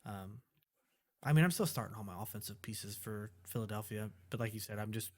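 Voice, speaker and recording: A man's voice: lowish voice, brisk. A man co-hosting a casual fantasy football podcast, opinionated and trailing off into fillers. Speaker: podcast co-host. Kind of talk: casual sports chat.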